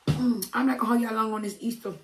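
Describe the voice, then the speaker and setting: Southern woman, mukbang host, hoarse and deep, chatty with y'all. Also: fairly even intonation, quick pace, noisy background. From Alabama, US. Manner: chatty and affectionate, says y'all. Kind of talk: casual eating-show chat.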